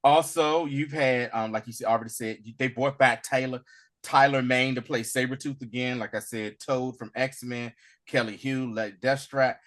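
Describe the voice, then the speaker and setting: A man co-hosting a podcast, talking casually about a movie and acting out scenes in loud bursts. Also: medium pitch, normal speed. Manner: animated, acts out lines in loud bursts. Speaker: podcast co-host.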